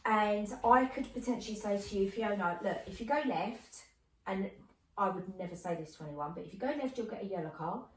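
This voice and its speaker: A woman clairvoyant medium chatting as a guest, telling stories in an animated, earthy way. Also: medium pitch, quick pace. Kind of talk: casual chat. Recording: roomy, distant mic with faint noise.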